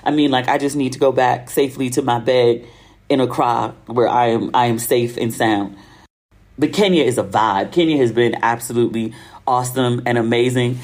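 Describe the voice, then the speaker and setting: A slightly mellow bass voice belongs to an American woman hosting her own podcast. Alone at the mic, she chats casually through a travel story, using slang and laughing often.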